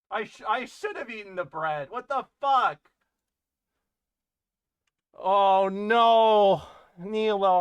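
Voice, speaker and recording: A woman's voice: mid-range voice, slow pace, pauses often, clean tone, no room sound, clean studio sound. A woman streamer in casual livestream chat from a home setup, rambling, swearing and interrupting herself with frequent laughs.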